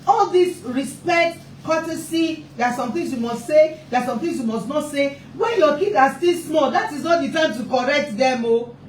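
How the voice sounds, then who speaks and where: A woman's voice: high-pitched, expressive, normal speed, slight background noise. A woman giving an impassioned live talk to parents as a family therapist, emphatic and repeating her points for stress. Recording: roomy echo, distant mic, faint ambience.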